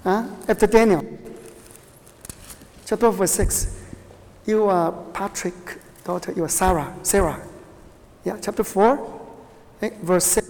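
A woman's voice: medium pitch, darkish tone. A woman whose first language is Chinese, teaching a Bible class by quizzing her students, with frequent restarts and short laughs. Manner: questions the class often, halting restarts, laughs. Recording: reverberant hall.

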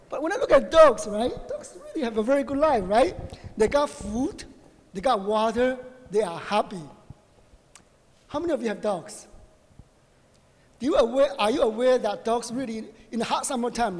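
A middle-aged man preaching a conversational sermon, animated and joking, often asking his listeners "right?". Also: very high voice. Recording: long reverb of a hall.

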